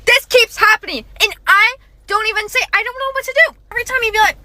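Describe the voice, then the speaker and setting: Young woman, casual storytime, very high voice, animated and quick. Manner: animated and fast, with frequent "like" and "okay".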